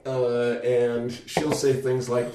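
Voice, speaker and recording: A man hosting a casual chat, relaxed and chuckling as he rambles through stories. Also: mid-range voice, slow pace, far from the mic, background noise. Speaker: podcast host. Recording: roomy echo.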